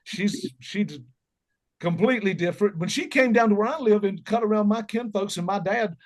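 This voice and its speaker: Speaking at a normal speed in a high-sitting voice, this middle-aged Southern man is a musician guest on a relaxed interview. He fills the chat with folksy tales and jokes.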